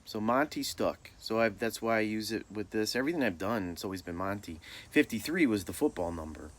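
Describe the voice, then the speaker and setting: A middle-aged man from Michigan tells a story from his own life in a casual, easygoing way. His voice sits low, and he pokes fun at himself as he goes. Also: animated, brisk. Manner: laid-back, self-deprecating humor. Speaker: storyteller vlogger.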